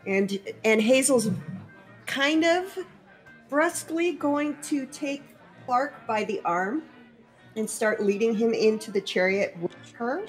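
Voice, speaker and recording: A woman takes part in a tabletop game, talking in character. Her voice sits a little high and her delivery is brisk and sardonic. Faint music runs underneath. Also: expressive. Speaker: player.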